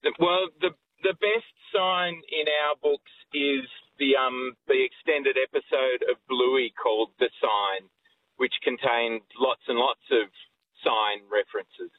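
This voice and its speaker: A man's voice: mid-range voice, a little slow, a little hiss or hum. A man, joking and stammering as he chats on a radio show by phone. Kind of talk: casual radio chat. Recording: tinny phone line.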